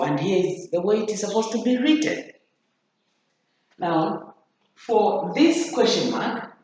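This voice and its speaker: A teacher leads a grammar lesson at an unhurried pace, repeating each key point and stopping to check that the class is following. The recording is heavily echoey, as if made in a bare room, with a faint noise underneath. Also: mid-range voice. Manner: repeats key phrases for emphasis; addresses students directly with checking questions.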